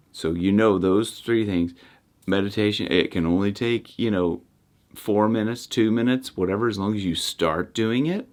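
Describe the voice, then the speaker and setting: A man hosting a self-help channel, giving casual meditation advice to camera in a rambling way, with restarts and soft trailing endings. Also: lowish voice, normal speed.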